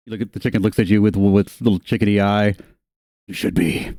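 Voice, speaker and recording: A man narrates a tabletop role-playing session as the game master, with a relaxed, casual manner and the odd swear word. His voice sits fairly low, and the recording is dry and close. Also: quick pace, no echo. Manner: laid-back, laughs often, swears casually.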